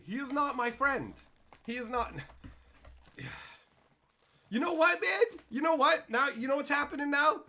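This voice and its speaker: A man with a very high voice opens card packs on a livestream, reading chat at a measured pace and pausing often. Now and then he erupts into loud, profane rants of mock anger.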